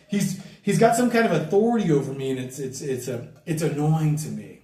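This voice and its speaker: A middle-aged American man vlogging a loud, profane, irritated rant outdoors at dusk. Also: on the high side, lively intonation, brisk, few pauses, reverberant, far from the mic. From United States. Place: outdoors at dusk, bugs and a barking dog nearby.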